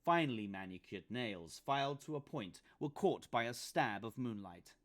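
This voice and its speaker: A man's voice: mid-range voice, expressive, moderate pace, hardly any pauses. A man, the author, reading his comic novel aloud with dramatic, playful storytelling. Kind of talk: expressive book reading.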